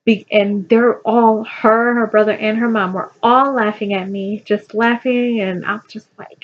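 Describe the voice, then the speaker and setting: A young woman tells a rambling personal story in a casual, chatty way, full of fillers and restarts. Her pitch sits in a middle range. The recording sounds dull and lo-fi. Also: steady tone, measured pace, few pauses.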